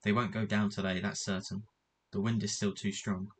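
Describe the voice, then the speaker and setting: A man reading a storybook aloud, voicing a headstrong, excited girl with high, eager exclamations. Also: normal speed, slight background noise, close to an everyday voice. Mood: earnest.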